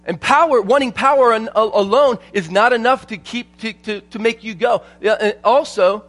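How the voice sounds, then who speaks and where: A man preaching a sermon at a conference, telling stories in an animated way and repeating his phrases for emphasis. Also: sits high, normal speed. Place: church conference hall.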